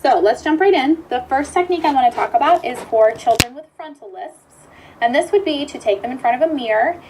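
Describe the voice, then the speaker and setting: A woman speech therapist explaining techniques in a clear, upbeat teaching tone for an instructional video. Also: sits high, expressive, a little fast, darkish tone, slight background noise, low-quality recording.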